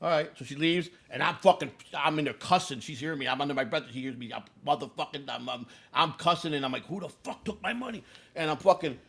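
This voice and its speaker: A man's voice: medium pitch, fast talker, vocal fry, hardly any pauses. A man in his sixties from Chicago, telling a long story in a casual, profane way and acting out the lines of the people in it. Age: 60s. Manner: profane, animated storyteller who acts out quotes.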